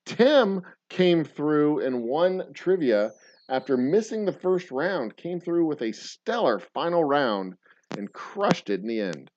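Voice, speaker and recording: A man's voice: fairly high pitch, sing-song, takes it slowly, darkish tone, no room sound. A man hosting a casual live stream, chatting loosely with viewers in a rambling, profane way and often correcting himself mid-sentence. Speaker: livestream host. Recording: dull lo-fi stream audio.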